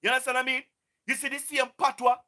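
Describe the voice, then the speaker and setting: High bright voice with a Jamaican accent. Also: level tone, racing. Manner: repetitive, keeps asking "you understand what I mean"; exhorting, preachy. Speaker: live-stream host. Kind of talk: impassioned live-stream address.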